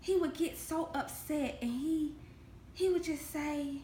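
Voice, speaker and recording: A woman with a high voice delivers a spoken Christian devotional straight to the viewer. She talks in an earnest, heartfelt way and leans on repeated phrases for emphasis. The sound carries a noticeable room echo. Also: measured pace, a little hiss or hum. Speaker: devotional host. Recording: echoey room.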